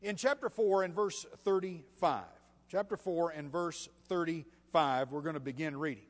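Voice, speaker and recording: A man preaching a sermon, reading scripture and then explaining it in a conversational, animated way, acting out voices. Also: fairly high pitch, normal speed, in a large hall. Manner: conversational, animated, acts out voices with swings in loudness.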